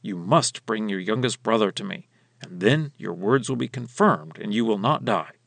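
Man reading as a stern powerful ruler, gravelly, lively pitch. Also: normal speed, no echo, exaggerated voice. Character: stern powerful male ruler testing strangers. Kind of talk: scripture reading.

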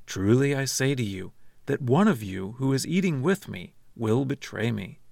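A man with a medium-pitched voice and vocal fry reads the lines of Jesus as a calm, grave teacher. The scripture reading is measured and solemn, with no echo.

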